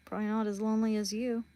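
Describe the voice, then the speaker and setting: A woman's voice: mid-range voice, dark tone. A woman hosting a livestream, chatting casually and bluntly with her viewers. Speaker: livestream host.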